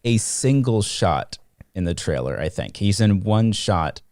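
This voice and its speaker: A man with a very low voice chats loosely on a podcast, laughing easily and wandering into tangents. The sound is dry and close. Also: sing-song, unhurried, darkish tone, dry recording. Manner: chatty, laughs often, trails off into asides. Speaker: podcast co-host. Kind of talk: casual chat.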